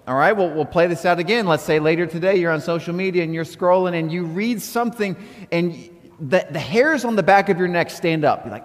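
A fairly high-pitched man preaching to his church in a casual, animated way. His voice carries a long reverb from the hall around him, and he slips into quoted inner dialogue as he goes. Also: brisk. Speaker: pastor. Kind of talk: sermon. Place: church auditorium.

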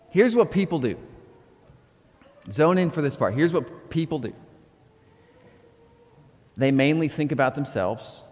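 A man preaching a sermon as pastor, telling stories conversationally and breaking into animated outbursts. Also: a little high, unhurried, long pauses, long reverb tail.

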